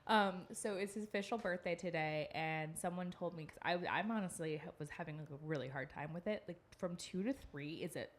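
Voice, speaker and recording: A woman in her twenties co-hosting a casual podcast chat, telling lively stories about her son and acting out his lines. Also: lowish voice, brisk, hardly any pauses. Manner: animated storyteller, laughs often, acts out quotes. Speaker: podcast co-host.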